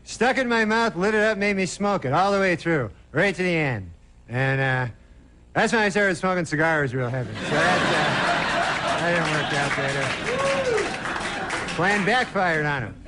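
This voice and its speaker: A stand-up comedian, a man with a high voice, wanders through his set on a television studio stage with loose, rambling delivery, and he pads his lines with "you know" and "uh". A steady background noise runs under his voice, and the recording carries the room. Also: normal speed, crowd noise. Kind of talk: stand-up routine.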